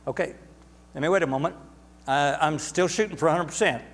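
A man's voice: a little high, brisk, big-room sound. A man preaching a sermon to a congregation, emphatic and repetitive, drawing words out for stress. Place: church sanctuary.

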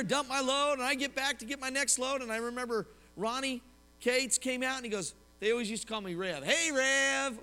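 A high-pitched, bright-toned pastor preaching a lively sermon. He tells personal stories and puts questions to his listeners. His voice carries a long reverb, as if in a large church sanctuary. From Oklahoma, US.

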